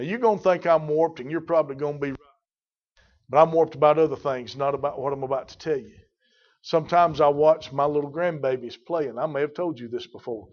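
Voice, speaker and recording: An older man preaching a sermon in a folksy storytelling way, building to loud emphatic peaks. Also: on the high side. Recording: dull lo-fi sermon recording.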